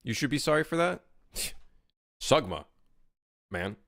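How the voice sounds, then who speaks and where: A man's voice: medium pitch, sing-song, measured pace, creaky, a bit bright, no echo, clean studio sound. Exasperated, swearing young male streamer. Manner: profane, exasperated, talks to chat. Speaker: streamer and game developer. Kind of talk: casual livestream chat.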